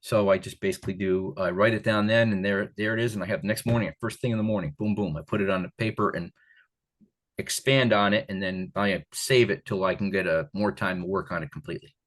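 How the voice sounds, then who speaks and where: Speaking fast in a low voice, an older author from the Catskills, New York, rambles through a casual interview with lots of animation and frequent restarts.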